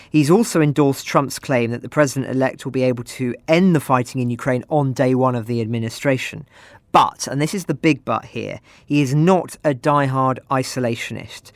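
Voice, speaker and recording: A man's voice: medium pitch, no echo. Dry-sounding male podcast host. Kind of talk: scripted news commentary.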